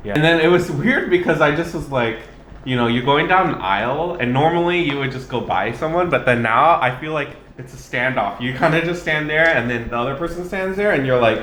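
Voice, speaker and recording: A man's voice: on the high side, animated, fairly quick, fairly bright tone. A man co-hosting a home cooking and eating video, chatting casually and telling stories as he eats. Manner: chatty storyteller, acts out own inner thoughts. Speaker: cooking channel co-host. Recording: roomy echo, faint background noise.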